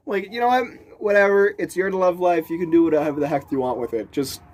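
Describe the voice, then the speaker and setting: A man's voice: high voice, quick pace, hardly any pauses. A man telling a story casually, rambling and restarting sentences, laughing often and acting out the people he quotes. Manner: animated, voices the people he quotes.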